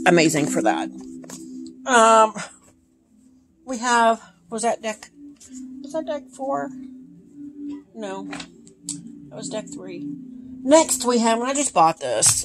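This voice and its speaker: Woman, casual vlog, gushing, low-pitched, background hiss. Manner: gushing, enthusiastic, lots of ums and repeated praise. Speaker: tarot deck collector. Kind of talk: casual show-and-tell vlog. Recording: steady background hiss with handling clicks.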